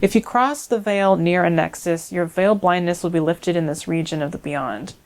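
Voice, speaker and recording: A woman's voice: lowish voice, normal speed. A young adult woman giving casual let's play commentary, rambling and chatty with many fillers.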